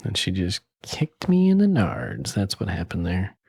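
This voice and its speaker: A man with a very low voice, chatting casually as a podcast co-host. He teases and needles his partner with dry, deadpan humor. The sound is close and dry, with little room to it. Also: measured pace, gravelly, husky, no echo. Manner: teasing, deadpan banter. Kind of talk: casual chat.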